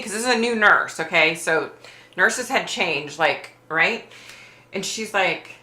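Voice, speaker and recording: A woman's voice: fairly low pitch, unhurried, roomy sound. A woman hosting a casual livestream, telling a story animatedly and acting out the lines of the people in it. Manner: animated storyteller acting out quoted exchanges, laughs often. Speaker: livestream host.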